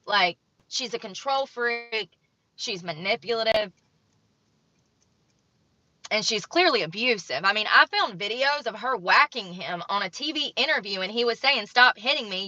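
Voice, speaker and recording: A woman's voice: a little high, bright, forceful tone, no echo. A young woman vlogger reading from an article and adding blunt, judgmental commentary. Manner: blunt and judgmental, reads aloud then comments. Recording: dull lo-fi sound, dry room.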